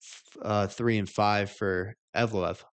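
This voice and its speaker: A man co-hosting a casual fight podcast, speaking in a measured, conversational way as he explains his scoring. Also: lowish voice, steady tone, smooth, no echo. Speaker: podcast co-host. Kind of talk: casual MMA fight recap.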